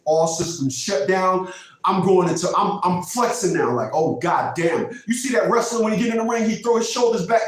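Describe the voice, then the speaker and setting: A man's voice: high voice, fairly bright tone. A man in his fifties hosting his own vlog, talking in a casual but preachy monologue, emphatic and repeating his points for effect. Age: 50s. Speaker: vlogger host. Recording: very echoey room, mic far off.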